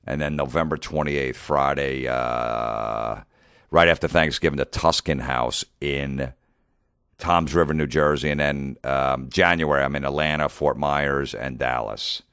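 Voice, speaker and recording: A middle-aged comedian rants in a profane, exasperated monologue, replaying old arguments in quick back-and-forth. His voice sits extremely low. The sound is dry and close, with no room around it. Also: fairly even intonation, fairly bright tone, clean tone, dry recording. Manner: profane, exasperated, re-enacts conversations. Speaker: comedian podcast host. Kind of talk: ranting monologue.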